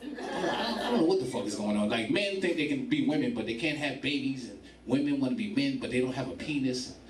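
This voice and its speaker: A man's voice: mid-range voice, lively intonation, brisk, slight background noise. A man doing stand-up crowd work in a bar comedy club, profane and laughing through his lines. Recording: echoey club from far off with crowd.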